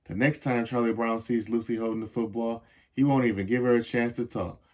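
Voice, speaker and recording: A young man reading a storybook aloud to children. His voice sits at an ordinary middle pitch, and he reads in a measured, expressive way with deliberate pauses. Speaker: storybook reader.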